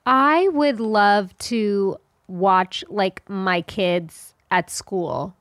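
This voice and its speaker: A woman's voice: medium pitch, fairly bright tone, no echo. Female co-host, 30s, playful chatty teaser, dry close mic. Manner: quick teasing interjections. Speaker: podcast co-host. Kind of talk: casual chat.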